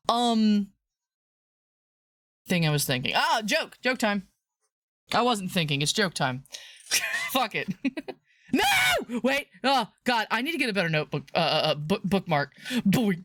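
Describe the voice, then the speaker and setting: A woman streamer chatting casually on a live stream, rambling, playful and laughing often, sometimes breaking into high squeals. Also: fairly bright tone, dry recording, clean studio sound. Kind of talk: casual livestream chat.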